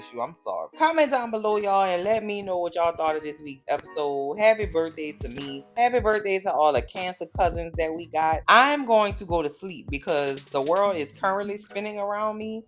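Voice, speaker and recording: A woman vlogger recaps a TV episode in casual, sassy commentary, exasperated and cursing freely. Her voice sits a little low and swings into animated outbursts. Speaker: TV recap YouTuber.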